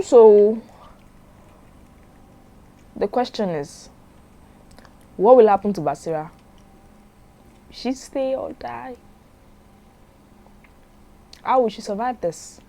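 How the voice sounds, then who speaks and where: A woman's voice: a little high, sing-song, slow, long pauses, dark tone. Young woman, storyteller, chatty, dramatic asides. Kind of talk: casual story narration with commentary.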